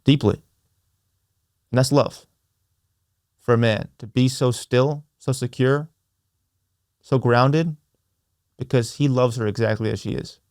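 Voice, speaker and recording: A man's voice: mid-range voice, a little mellow, dry recording. Earnest man talking in a dry room. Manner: earnest, repetitive, slow emphatic phrasing. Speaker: podcast host. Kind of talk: reflective solo podcast talk.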